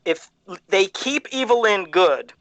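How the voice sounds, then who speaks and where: A man co-hosting a podcast in casual chat, animated and profane, laughing often. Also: high-pitched, slow, no echo. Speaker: podcast co-host.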